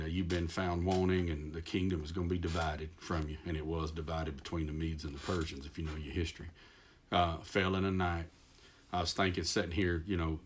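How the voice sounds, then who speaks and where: Deep-voiced folksy Texan preacher. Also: male voice, a little hiss or hum. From Texas. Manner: folksy, self-deprecating, rambling with many fillers and restarts. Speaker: pastor. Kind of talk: folksy sermon.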